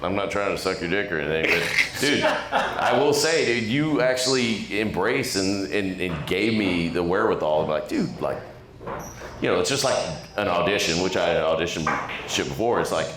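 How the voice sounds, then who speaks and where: Deep-voiced man talking bluntly in a bar. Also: expressive, normal speed, roomy sound, background noise. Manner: blunt, profane, laid-back. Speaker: show regular, former Navy SEAL. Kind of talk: casual chat.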